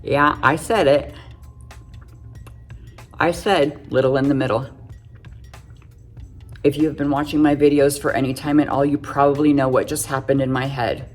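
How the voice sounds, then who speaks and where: Chatty low-voiced middle-aged woman. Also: level tone, fairly quick, hardly any pauses, soft background music. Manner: chatty, self-joking, giggly asides. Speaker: makeup vlogger. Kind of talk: casual chatty makeup tutorial.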